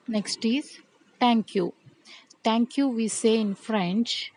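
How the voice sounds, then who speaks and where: Very slow-speaking woman teaching a language. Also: fairly high pitch, a little mellow, low-quality recording. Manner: slow, repeats each word twice. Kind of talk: beginner language lesson.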